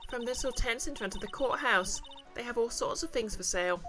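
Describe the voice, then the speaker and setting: A man voicing an excitable young woman sidekick in a game read-aloud, chirpy and gushing. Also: very high-pitched, a little fast, faint music behind, voice pushed up. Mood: excited.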